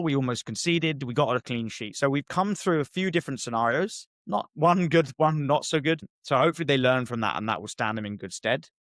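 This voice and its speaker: A man co-hosting a football podcast, talking in animated, exasperated bursts. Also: mid-range voice, no echo, clean studio sound. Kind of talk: casual football chat.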